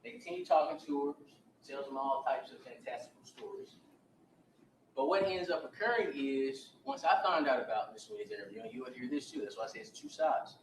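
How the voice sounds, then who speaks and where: A man's voice: mid-range voice, slight background noise. A man working as a defense attorney gives an opening statement to a jury, retelling events and acting out the quoted dialogue. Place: courtroom. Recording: echoey courtroom audio from a distance.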